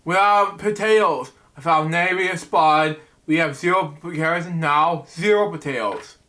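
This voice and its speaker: A man's voice: on the high side, measured pace, sharp tone, voice pushed down. A man reading as a flustered monster waiter. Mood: apologetic.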